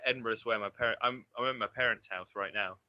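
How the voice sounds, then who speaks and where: A man's voice: fairly low pitch, fairly even intonation, fast, no room sound. A young man from southeast England in his twenties, a guest chatting casually, swearing freely and laughing often. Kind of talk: casual online chat. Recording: dull lo-fi audio.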